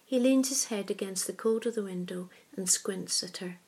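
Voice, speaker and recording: A woman narrating a story in a soft, hushed reading voice. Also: medium pitch, moderate pace, husky.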